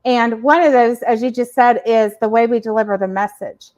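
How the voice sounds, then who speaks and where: A woman co-hosting a parenting show, explaining points in a casual, warm way and laughing between them. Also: fairly high pitch, steady tone, normal speed. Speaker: podcast co-host.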